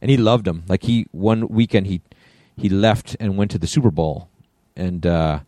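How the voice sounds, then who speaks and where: Middle-aged male podcast co-host, low and mellow, animated raconteur who plays the quoted voices. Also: moderate pace, dry recording, studio quality. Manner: animated anecdotes, acts out quoted voices, laughs often. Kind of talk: casual storytelling chat.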